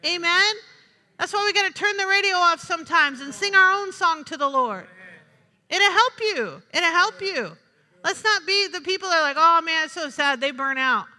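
High bright-voiced woman preaching in a hall. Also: brisk. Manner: lively preaching with acted-out asides, rising and dropping sharply. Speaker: pastor. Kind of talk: sermon.

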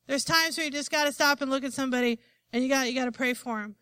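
A woman's voice: sits high, quick pace, pushed and bright, dry recording. A woman preacher giving an emphatic sermon and often asking the congregation for an amen.

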